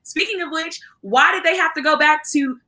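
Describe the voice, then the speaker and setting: An excitable woman chats on a livestream and reacts to viewer comments. Her voice sits high and sounds bright and sharp. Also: normal speed. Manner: excitable, reads chat comments aloud. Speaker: book club co-host. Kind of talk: casual livestream chat.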